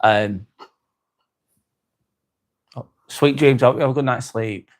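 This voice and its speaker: A man with an East Lancashire accent hosting a live stream, chatting calmly with viewers, reading their comments and calling them mate as he winds down. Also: medium pitch. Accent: East Lancashire English. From North West England. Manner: calm, unhurried, winding down, calls people mate.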